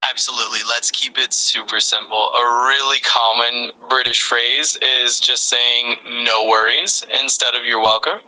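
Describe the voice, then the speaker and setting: A man's voice: mid-range voice, fairly even intonation, normal speed, few pauses, pushed and bright, low-quality recording. A male AI voice assistant acting as a friendly conversation partner, upbeat and reassuring.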